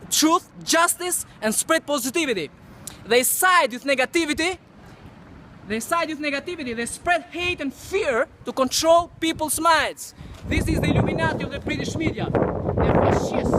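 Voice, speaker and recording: A man giving an outdoor protest speech in front of a TV building, repeating his phrases and chanting call-and-response lines. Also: very high voice. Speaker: street protester. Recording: loud wind noise on the mic.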